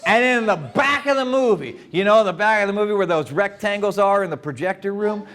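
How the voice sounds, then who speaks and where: A high-voiced man tells a story live before a young crowd. His pitch swoops and leaps all over the place, and he keeps playfully stopping to speak with his listeners. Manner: animated and playful, talks to the crowd. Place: live event before an audience.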